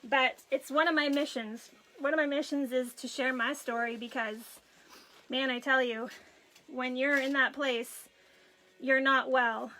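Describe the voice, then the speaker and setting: Tearful woman in her forties with a high, bright voice telling her story emotionally. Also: fairly even intonation, unhurried. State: crying, runny nose. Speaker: craft vlogger. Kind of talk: personal story on a live video.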